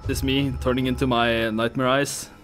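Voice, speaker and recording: A man streaming a game who jokes and swears loudly as he plays. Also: medium pitch, brisk, faint music behind. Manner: jokey, swears a lot, lively. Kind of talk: casual game commentary.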